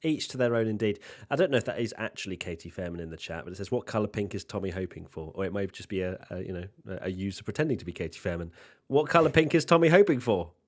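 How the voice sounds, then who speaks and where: A man's voice: sits low, rapid-fire, few pauses, a little mellow. A British man hosting a casual livestream watchalong, upbeat and jokey as he reads out viewer comments.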